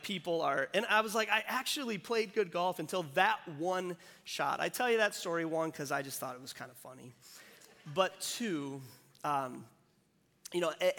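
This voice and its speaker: A man's voice: a little high, bright, forceful tone. Man preaching with a conversational, storytelling manner. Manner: conversational, self-deprecating storytelling. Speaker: pastor. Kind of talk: sermon with a personal story. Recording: long hall reverb.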